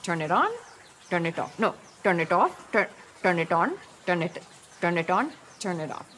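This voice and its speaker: A woman's voice: lowish voice, animated, moderate pace, fairly bright tone, a little hiss or hum. A woman playing a brash, salesy business consultant in a comedy sketch. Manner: brash, salesy, switches between two voices.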